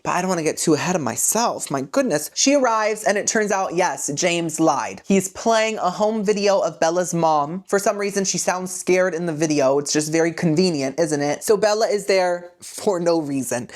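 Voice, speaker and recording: A man hosting a comedic movie retelling, full of sassy, campy asides. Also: a little high. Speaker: host.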